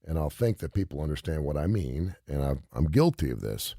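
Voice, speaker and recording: A man's voice: rumbling low, big pitch swings, brisk, vocal fry, dark tone, breathy edge, no echo, clean studio sound. A middle-aged man hosting a radio talk show, telling a story in an emphatic, rambling, repetitive way.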